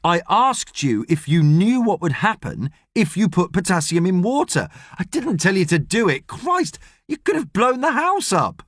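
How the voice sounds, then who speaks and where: A man's voice: high voice, very animated, moderate pace, few pauses, fairly bright tone, no echo, clean studio sound, voice pushed up, heavily acted. A man voicing an irritable middle-aged astronaut who speaks with sarcastic exasperation. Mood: exasperated.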